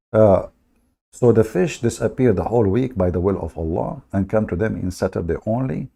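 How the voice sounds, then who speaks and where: A man hosting a live stream in a sarcastic, mocking manner, laughing at his own points. His voice is low and gravelly, with a dark, mellow tone.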